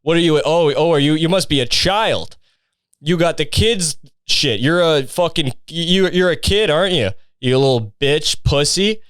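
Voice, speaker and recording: A man's voice: on the high side, expressive, normal speed, fairly bright tone, smooth, no room sound, pitched above the performer's own voice. A man voicing his mocking teenage boy cousin, who taunts crudely. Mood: taunting. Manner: jeering, crude.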